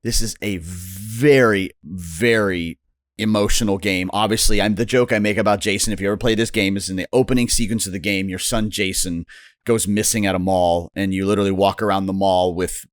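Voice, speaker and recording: A man's voice: sits low, steady tone, brisk, no echo, studio quality. A man co-hosting a video game podcast, telling stories and cracking jokes in casual chat. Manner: jokey, storytelling. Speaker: podcast co-host.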